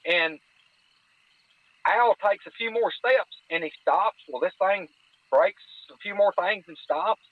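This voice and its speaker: A man's voice: sits high, no echo. A man, telling a hunting-ground story in a casual way, with lots of quoted back-and-forth. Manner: vivid retelling with quoted dialogue. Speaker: guest storyteller. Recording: tinny phone-line audio.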